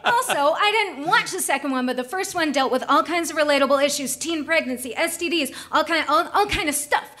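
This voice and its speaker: A woman comedian delivering a deadpan debate speech on a theatre stage. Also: high-pitched, fairly quick, few pauses, a little hiss or hum. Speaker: comedian contestant.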